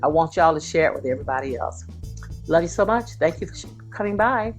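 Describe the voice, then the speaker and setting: Low and expressive, this woman talks at a quick clip with faint music in the background. She hosts her own cooking channel from her home kitchen, chatting casually with viewers and exclaiming over the food with warm, folksy enthusiasm.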